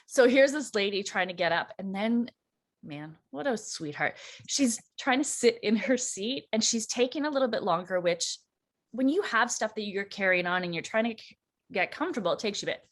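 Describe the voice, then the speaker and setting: Animated woman telling a travel story. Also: medium pitch, moderate pace. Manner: animated, acts out quoted voices, laughs often. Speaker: co-host. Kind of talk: casual storytelling chat. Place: church.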